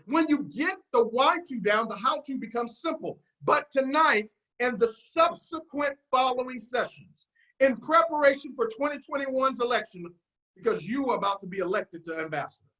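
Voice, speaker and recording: A man's voice: very high-pitched, expressive, normal speed, bright, forceful tone, low-quality recording. A man leading a motivational business seminar, confident and preachy, with call-and-response and repeated key phrases. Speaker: network marketing team leader.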